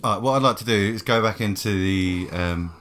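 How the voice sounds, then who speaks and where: A man's voice: on the low side, brisk, a bit bright. A man playing a tabletop role-playing game, joking and theatrical. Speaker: player.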